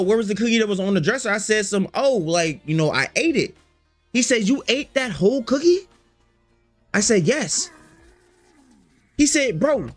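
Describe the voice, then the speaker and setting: Lively slangy male storyteller. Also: very high voice. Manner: slangy, profane, repeats phrases, acts out quotes. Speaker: storytime vlogger. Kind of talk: animated storytime to chat.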